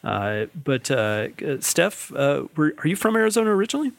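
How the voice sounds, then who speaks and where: A man hosting a casual panel chat, talking in a halting way with many fillers and no regional accent. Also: on the high side, big pitch swings, creaky, no room sound. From Alabama. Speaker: podcast host.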